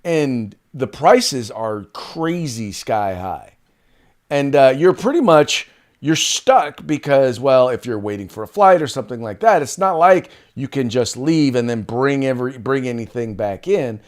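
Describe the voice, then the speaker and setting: A man's voice: mid-range voice, a little slow. A man co-hosting a casual political talk show who speaks emphatically and moves the segments along. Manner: animated, emphatic, wraps up segments. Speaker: co-host.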